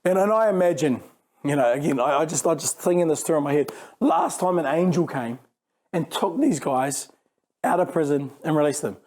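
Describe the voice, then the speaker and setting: A man preaches in a relaxed, conversational way, restarting phrases as he thinks aloud. His voice sits a bit high for a man, yet it sounds warm and mellow. He often acts out the lines of imagined speakers. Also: normal speed. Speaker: youth pastor. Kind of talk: sermon.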